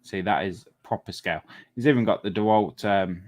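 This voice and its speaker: A man's voice: on the low side, normal speed, darkish tone. A man hosting a model-making livestream, casually reading out viewer comments and murmuring admiration over the models.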